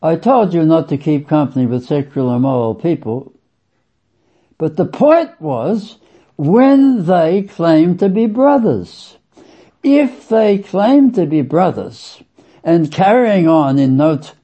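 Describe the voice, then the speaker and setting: A man preaching a sermon, emphatic and deliberate, stretching key words and swinging his voice up for stress. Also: slightly rough. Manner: emphatic, sweeping swings in pitch and loudness; slow, deliberate, drawn-out phrasing. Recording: dull lo-fi recording.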